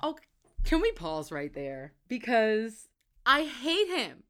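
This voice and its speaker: A woman's voice: on the high side, huge pitch swings, slow, fairly bright tone, smooth. A woman in casual chat about a book, emphatic and profane, laughing often and acting out quotes. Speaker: book discussion co-host.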